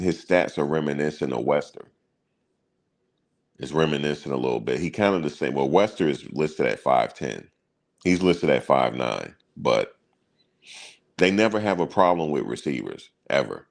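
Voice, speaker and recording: A man with an extremely low, deep voice hosts a sports channel. He talks in loose, casual banter full of slang and chuckles at his own stories. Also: vocal fry.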